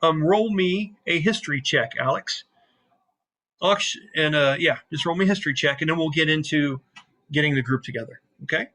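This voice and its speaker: Man, game master, casual rambling narration, bright tone, slightly high pitch. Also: moderate pace. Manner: rambling and casual, with many fillers.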